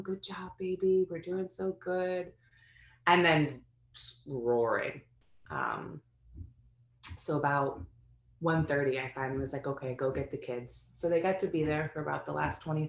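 A woman in her thirties tells a personal story, candid and meandering, full of fillers and restarts. Her voice sits a little low. The room gives the recording a noticeable echo. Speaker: guest sharing a birth story. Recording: roomy echo.

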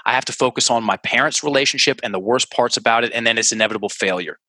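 A man, a guest on an interview show, teaching language habits through examples in an animated way and often repeating words as he works through a point. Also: mid-range voice, very fast, no room sound, rough recording.

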